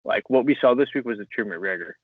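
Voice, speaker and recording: A man co-hosting a casual sports podcast, excitable and laughing often as he reads posts aloud. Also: mid-range voice, fast talker, husky, no room sound. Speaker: podcast co-host. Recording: dry, tinny phone-like sound.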